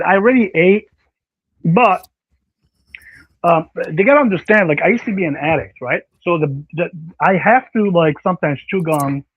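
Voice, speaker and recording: A man hosting a casual online panel chat, rambling and animated with many fillers. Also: a little high. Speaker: panel stream host. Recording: slightly dull dry audio.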